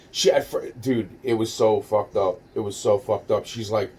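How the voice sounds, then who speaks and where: A man's voice: fairly low pitch, steady tone, normal speed, darkish tone, slightly rough. A man casually telling a personal story, rambling and profane, with many restarts and fillers. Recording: distant mic with faint noise.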